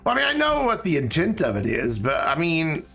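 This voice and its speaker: A man's voice: a little high, wildly swooping pitch, a little fast, gravelly, pushed and bright, breathy edge, soft background music. A man chatting casually while he streams a game, joking and talking to objects in it. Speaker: live streamer. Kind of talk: casual gameplay stream chat.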